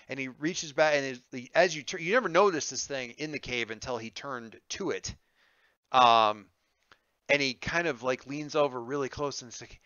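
A man running a tabletop game, rambling along with easygoing ums and restarts. His voice is bright and smooth, recorded close and dry through slightly dull, lo-fi audio. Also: medium pitch, moderate pace, no room sound. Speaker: game master.

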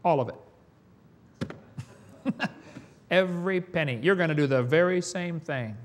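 Preacher guy, kinda high voice, folksy sermon, laughs at his own stories. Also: a little slow. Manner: folksy storytelling with chuckles.

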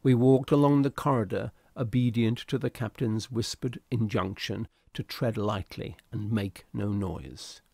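A man reading a classic short story aloud in a steady, deliberate storytelling manner. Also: medium pitch, gravelly, no room sound, clean studio sound. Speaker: reader. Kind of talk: audiobook narration of a classic story.

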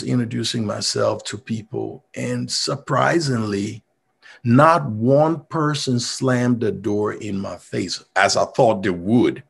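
A man's voice: mid-range voice, vocal fry, slightly rough. A middle-aged man from Liberia with a Liberian accent gives an earnest, motivational storytelling talk. He sometimes repeats words to press a point. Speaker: mayor giving a talk.

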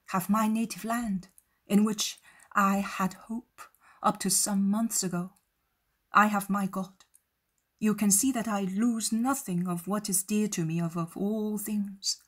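A woman voicing Joseph, a protective, steady grown man, in a soft breathy voice. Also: mid-range voice, natural voice. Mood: comforting.

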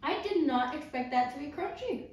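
Chatty woman tasting snacks, high bouncy voice, far off mic in a super echoey room. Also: animated, normal speed, darkish tone. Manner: upbeat, chatty, exclaims at flavors. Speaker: co-host of a snack tasting video. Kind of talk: casual taste-test chat.

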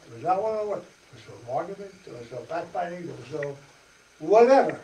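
This parish presenter talks fast, his high-pitched voice dark in tone, with lively intonation and vocal fry. He gives a folksy study-group talk in a church meeting room, acting out dialogue and laughing, recorded from far off with echo and faint hiss.

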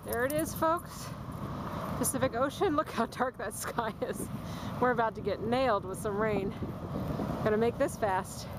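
Panting as she walks a forest and dune trail, a woman vlogger chats to her camera and calls to her dogs in a slightly high voice at a moderate pace. The sound comes from a handheld camcorder mic outdoors, with steady noise behind her.

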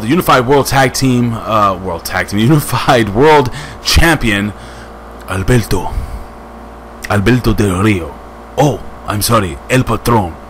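A man's voice: medium pitch, a little hiss or hum. Rambling, jokey man reviewing wrestling. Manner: rambling, jokey, lively asides. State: hyped on coffee. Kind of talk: casual video review.

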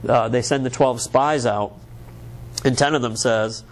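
An American pastor delivers a sermon at a mid-range pitch. He talks earnestly and conversationally, circling back and restarting phrases as he goes. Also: steady tone, a little slow. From United States.

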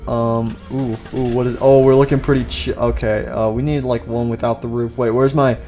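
A young man giving casual, excitable commentary on his own gameplay, with loud outbursts and goofy jokes. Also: medium pitch, normal speed, faint music behind. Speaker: gaming YouTuber.

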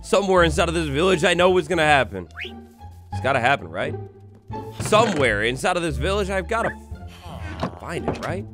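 Animated young man narrating a game. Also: fairly high pitch, fairly quick, long pauses, over music. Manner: playful, theatrical, talks to game animals. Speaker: gaming YouTuber. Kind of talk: Minecraft let's play commentary.

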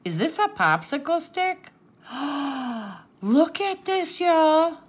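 Teary woman gushing slowly. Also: sits high, very animated. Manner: gushing, gasping and laughing with delight. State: teary, sniffling from crying. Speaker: crafting channel host. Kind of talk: unboxing happy mail, chatting to viewers off camera.

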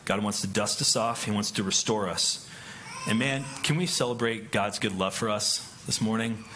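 A man's voice: fairly low pitch, moderate pace, pushed and bright, slight background noise. A male pastor giving a conversational sermon, often checking in with "right?". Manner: conversational, keeps asking "right?".

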